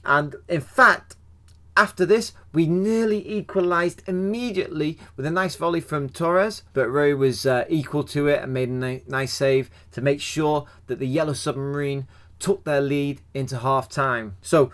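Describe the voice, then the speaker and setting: A young man talks through a football match in a relaxed, chatty way, often posing questions and answering them himself. His voice sits a little on the high side, and he pokes gentle fun at himself as he goes. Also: moderate pace. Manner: chatty, self-deprecating, asks himself questions. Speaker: football fan channel host. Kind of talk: casual match review.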